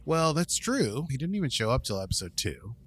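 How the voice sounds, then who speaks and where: Male co-host, lively casual recapper, voices the quotes as he tells it. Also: medium pitch, brisk, husky. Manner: animated, acts out quotes in voices. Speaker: podcast co-host recapping an episode.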